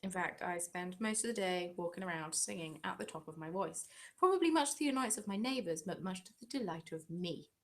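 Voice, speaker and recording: An English craft channel host chats casually on a home live-stream, answering viewer comments in a self-deprecating way. Her voice is fairly low with lively intonation, and she talks a little fast with hardly any pauses.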